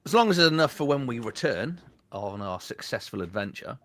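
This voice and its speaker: A man's voice: mid-range voice, big pitch swings, fairly quick, a bit bright. A man playing a tabletop game, playful and joking, with a mock-grand manner. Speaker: player.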